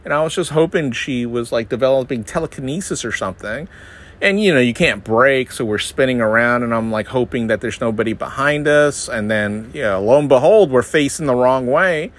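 A man's voice: lively intonation, brisk. Male podcast host, Northeastern US, casual rambling monologue, wry and self-mocking. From Northeastern United States. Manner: rambling, self-deprecating, jumps into high-pitched mocking voices for others.

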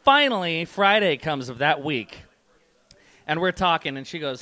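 A man's voice: on the high side, moderate pace. Sardonic man doing crude stand-up. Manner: crude, sardonic, deadpan delivery. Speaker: comedian. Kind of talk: stand-up comedy set.

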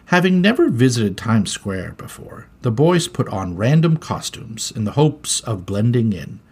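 Animated, husky-voiced male storyteller. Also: medium pitch, unhurried. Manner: expressive, animated. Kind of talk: storybook read-aloud.

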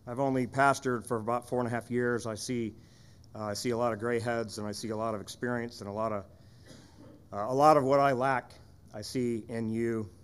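A man's voice: mid-range voice, steady tone, brisk, clean tone. A man serving as pastor, delivering a sermon in an earnest, conversational way with frequent rhetorical questions.

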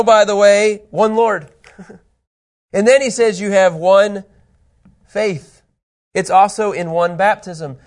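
A man teaching a Bible lesson to a group, animated and conversational, asking rhetorical questions as he reads through scripture. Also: high voice.

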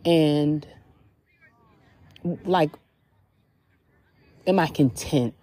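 A woman's voice: sits low, takes it slowly, long pauses, dark tone. A woman hosting a podcast, talking candidly and casually about her spiritual reflections, with lots of "like" fillers, sitting outdoors at a beach. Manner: candid, chatty, filler-heavy with frequent "like". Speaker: podcast host.

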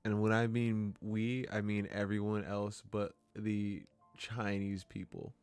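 A man's voice: lowish voice, flat delivery, takes it slowly, a little mellow, clear, resonant tone, soft background music. A young man co-hosting a casual podcast, talking in a laid-back, slangy, joking way. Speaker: podcast co-host.

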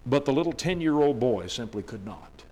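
A male preacher delivering a dramatic sermon, swinging from hushed storytelling to loud, emphatic declarations. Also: medium pitch, lively intonation, moderate pace.

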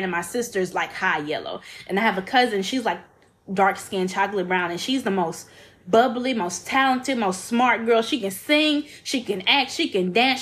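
A woman's voice: medium pitch, a bit bright. A woman co-hosting a podcast, telling stories in a blunt, profane, laughing way. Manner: candid, profane storytelling with frequent laughs. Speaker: podcast co-host. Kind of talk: casual chat.

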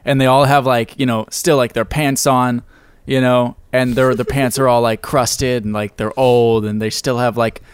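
A man's voice: medium pitch, flat delivery, normal speed, smooth, no room sound. A young man co-hosting a casual podcast chat, musing earnestly and rambling a bit. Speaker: podcast co-host.

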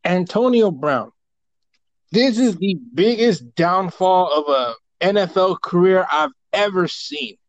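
A man's voice: high-pitched, lively intonation, slow pace, dry recording, dull audio. A young man on a casual fantasy football podcast, emphatic and opinionated. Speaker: podcast co-host.

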